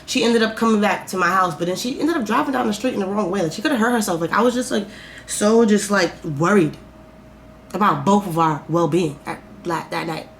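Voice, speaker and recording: A woman vlogger tells a story in a candid, profane, rambling way, packed with fillers. Her voice is medium-pitched and a little fast, with slight hiss or hum on the recording.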